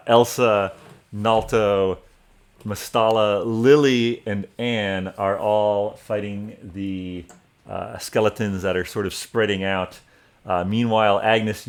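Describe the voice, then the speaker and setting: A man narrating a tabletop game as game master, in a relaxed, halting way with many fillers. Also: fairly low pitch.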